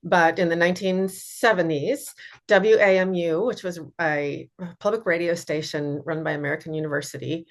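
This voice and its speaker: A woman's voice: on the low side, fairly even intonation, moderate pace. A woman co-hosting a casual podcast, reminiscing easily and reading passages aloud. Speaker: podcast co-host.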